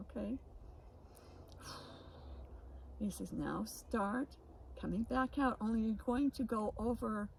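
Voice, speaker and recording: A woman's voice: mid-range voice, creaky, darkish tone, low-quality recording. Woman storyteller, casual chat, rambling restarts and laughter, phone recording, faint background hiss. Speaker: podcast co-host.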